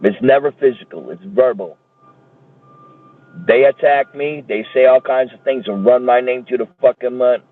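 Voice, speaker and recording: A man's voice: mid-range voice, moderate pace, soft background music. A man ranting in a heated, profane and repetitive way, as if streaming a monologue. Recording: tinny phone-like dry audio.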